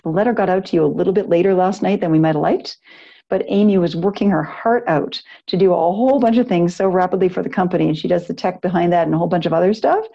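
A middle-aged woman speaks to her yoga class in a warm, mellow, lowish voice. She talks earnestly and wanders, restarting her sentences as she goes. The recording sounds muffled and lo-fi. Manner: earnest, rambling, with frequent restarts and laughs. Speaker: yoga and retreat teacher. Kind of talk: talk to a live class.

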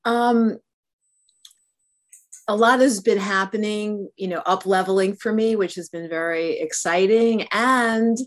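Slow, reflective woman sharing feelings. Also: medium pitch, fairly even intonation. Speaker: participant in an online meditation group. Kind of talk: sharing a personal experience.

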